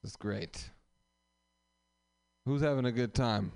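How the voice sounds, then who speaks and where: A man's voice: medium pitch, slow, vocal fry, a little mellow, clean tone, dry recording, clean studio sound. A man hosting a comedy open mic who riffs on the audience in a profane, rambling, teasing way in a small live room. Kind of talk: live crowd work banter.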